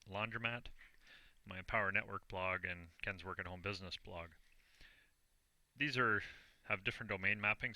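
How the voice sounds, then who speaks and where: A man's voice: sits low, pushed and bright, dry recording. A Canadian man talking through a casual screen-recorded tutorial, plain and self-deprecating as he narrates each click. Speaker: online business vlogger.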